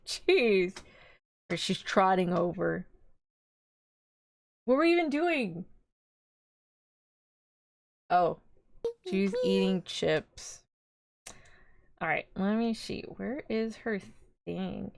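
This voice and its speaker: A woman's voice: medium pitch, lively intonation, slow pace, vocal fry, pauses often, no room sound. A young woman streaming live as a vtuber, chatting casually in a rambling, giggly way.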